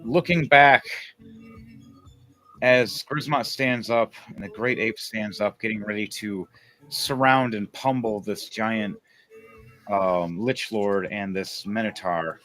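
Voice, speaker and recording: A man narrating a tabletop game as game master, lively and building up each scene. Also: on the low side, slow pace, faint music behind.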